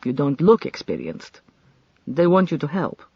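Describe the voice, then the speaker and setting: An audiobook narrator voicing a burly, blunt male carnival manager in short, clipped lines, with a dry, husky tone on a dull recording. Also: mid-range voice, big pitch swings, moderate pace, no echo.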